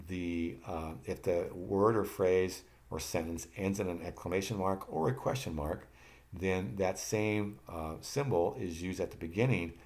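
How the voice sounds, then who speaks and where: Male teacher, very low voice, patient slide-lesson delivery, leaves room for listeners to repeat, self-corrects now and then. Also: a little mellow. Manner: patient, repeats phrases for learners to copy; occasional restarts and self-corrections. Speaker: language teacher. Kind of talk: slide-based lesson narration.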